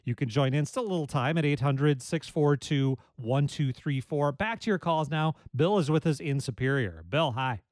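A man hosting a public radio call-in show, asking questions and giving the phone number in a measured, steady way. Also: fairly high pitch, dry recording. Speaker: radio talk show host.

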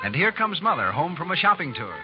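A man's voice: fairly high pitch, sing-song, fairly quick. Polished old-time radio announcer man. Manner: smooth, polished delivery. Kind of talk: scripted announcing. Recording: dull old radio broadcast. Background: music.

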